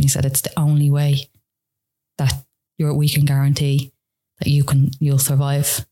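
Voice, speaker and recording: A woman's voice: rumbling low, completely flat delivery, normal speed, mellow. An Irish woman, a podcast guest, telling a personal story in casual conversation, full of "like" and retold dialogue. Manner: rambling, frequent "like" fillers, retells dialogue.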